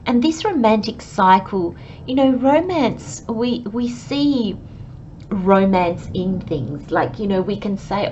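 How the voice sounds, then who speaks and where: A woman giving a pick-a-card tarot reading, speaking gently and reflectively and addressing her viewers as friends. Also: mid-range voice, lively intonation, slow, dull audio, a little hiss or hum. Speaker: tarot reader.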